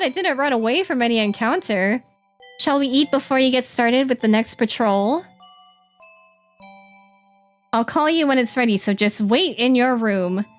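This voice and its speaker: A woman streaming a game, chatting casually and reading the dialogue aloud in quick playful voices. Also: sits high.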